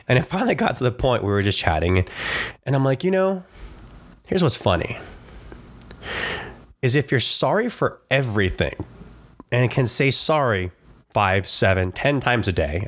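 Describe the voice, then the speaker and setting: A middle-aged man hosting his own podcast, his voice sitting fairly low. He talks in a reflective, casual way, often stopping to ask "right?" or toss in a "like.". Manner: reflective, conversational, many "like" and "right?" asides. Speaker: podcast host. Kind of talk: casual solo podcast talk.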